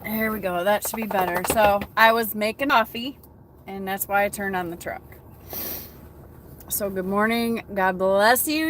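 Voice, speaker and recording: An American woman with a medium-pitched voice hosts a casual morning coffee chat livestream from her truck cab, greeting viewers by name. She talks a little slowly and pauses often. A little hiss or hum sits under the audio.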